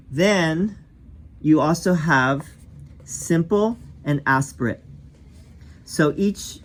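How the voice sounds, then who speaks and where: A man teaching as a yoga teacher, explaining pronunciation patiently, correcting himself and saying each sound aloud. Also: on the high side.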